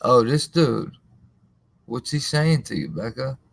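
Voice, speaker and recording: A man's voice: medium pitch, lively intonation, slow, gravelly. A man hosting a live stream in casual, slangy talk, rambling and answering viewers in the chat by name.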